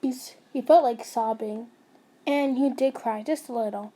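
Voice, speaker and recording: A woman's voice: on the high side, normal speed, dark tone. A young woman narrating a fan fiction story casually, stumbling and restarting, with chatty asides to her listeners.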